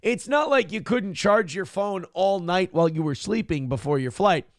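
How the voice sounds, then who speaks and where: A man's voice: high voice, lively intonation, moderate pace, dry recording, clean studio sound. A man hosting a morning show, giving crude, sarcastic commentary on a viral video. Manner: sarcastic, crude, mocking impressions. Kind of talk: mocking commentary on a viral clip.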